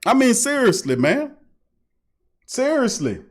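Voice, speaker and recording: A man hosting a casual sports talk livestream, animated and emphatic, repeating himself and often laughing. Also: extremely high pitch, slow pace, slight background noise. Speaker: sports talk show host.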